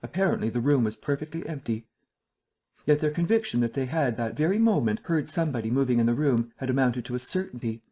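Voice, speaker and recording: Steady male audiobook narrator. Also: medium pitch, fast talker. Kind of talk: scripted narration.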